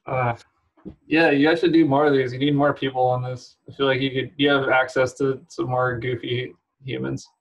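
A man's voice: medium pitch, level tone, moderate pace, poor audio. A man from San Francisco chatting as a podcast guest, telling rambling stories with many fillers and laughs. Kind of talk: casual chat.

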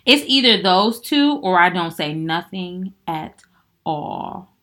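Bright-voiced woman, animated podcast chat. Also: fairly low pitch, slow. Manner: animated, mimics voices in quoted exchanges; frequent swearing, laughing. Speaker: podcast co-host. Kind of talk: casual chat.

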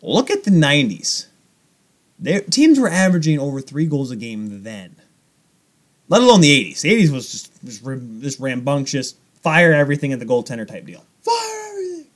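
A young man with a mid-range voice and moderate pace co-hosts a podcast. He rambles in casual, animated chat about hockey and goaltending.

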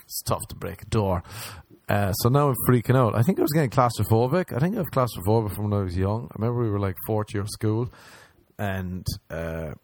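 A man's voice: fairly low pitch, lively intonation, fairly quick, darkish tone, dry recording. A young man casually telling a rambling, profane anecdote, acting out the other people's lines as he goes. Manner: profane, rambling, acts out quoted voices. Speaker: storyteller.

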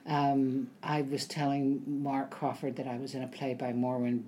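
An actress appears as a guest in a casual interview, sharing stories with many ums and acting out quotes. Her voice is bass-deep and warm, with little variation in pitch and a moderate pace, and there's a faint hiss or hum.

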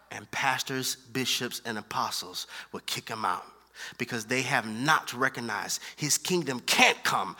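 A man preaching a sermon, animated, moving from hushed asides to loud emphatic lines and using casual slang. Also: medium pitch.

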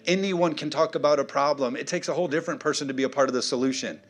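A male pastor in the middle of a sermon, his voice pitched in an ordinary middle range. He preaches with an animated swing from big, emphatic calls down to quieter, joking asides. Soft music plays faintly behind him. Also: fast, hardly any pauses, slightly rough. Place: church.

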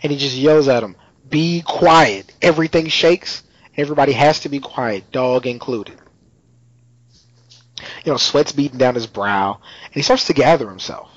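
A man chats casually and retells a TV scene, slangy and relaxed, laughing often. His mid-range voice sits close and dry, with no room echo. The audio is slightly muffled and lo-fi. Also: mid-range voice, moderate pace, pauses often. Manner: slangy, laid-back storytelling with frequent laughs. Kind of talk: casual chat recapping a TV episode.

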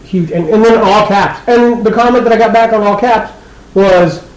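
A man's voice: sits high, normal speed. A man co-hosting a podcast in casual chat, ranting with exasperation. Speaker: podcast co-host. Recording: echoey room, faint noise.

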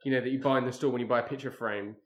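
A man's voice: medium pitch, fairly even intonation, rapid-fire, echoey room. A man co-hosting a casual chat, dropping dry asides and quips. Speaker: podcast co-host.

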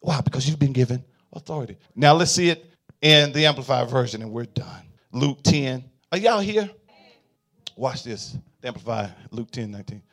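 A male pastor preaching a sermon in a call-and-response style, swinging from quiet murmurs to fervent shouts. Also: medium pitch, animated, moderate pace.

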